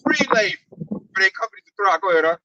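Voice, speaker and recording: A man in a casual group discussion, animated and slangy, often tagging his sentences with "man". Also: high-pitched, fast, gravelly, highs cut off, very noisy. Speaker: camp group member.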